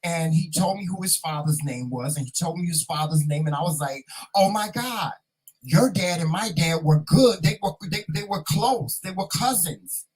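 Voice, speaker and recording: A man from North Carolina, chatting casually on his vlog as host, repeating himself and sounding proud and excited. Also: on the high side, normal speed, breathy edge, rough recording.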